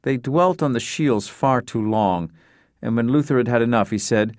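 A man reads an audiobook aloud in a steady, measured storytelling style. His voice sits in the mid range, and the scripted narration is recorded with studio quality and no echo.

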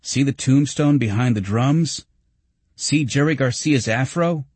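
A man voicing an excitable, boyish male patient who shouts and cheers with childlike eagerness, in a husky voice. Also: mid-range voice, unhurried, dry recording, voice pushed up. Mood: excited.

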